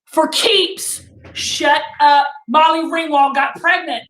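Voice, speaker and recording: A woman's voice: high voice, fairly even intonation, takes it slowly, fairly bright tone. A middle-aged woman hosting a casual live chat, gushing and exclamatory, now and then breaking into song. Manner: gushing, exclamatory, bursts into singing. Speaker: host.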